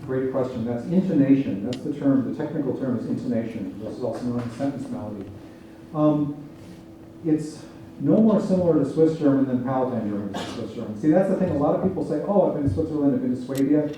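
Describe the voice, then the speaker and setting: Lecturer in an echoey hall, dark tone. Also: male voice, medium pitch, lively intonation, a little fast. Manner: explanatory, laughs between points, asks the audience "right?". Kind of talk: public lecture Q&A. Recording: echoey hall, distant mic, faint noise.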